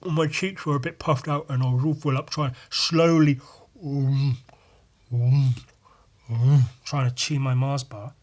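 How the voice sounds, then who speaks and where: A man's voice: mid-range voice, steady tone, a little slow, darkish tone. A young man hosting a solo podcast, telling a meandering story full of swearing, wry asides and frequent fillers. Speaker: podcast host.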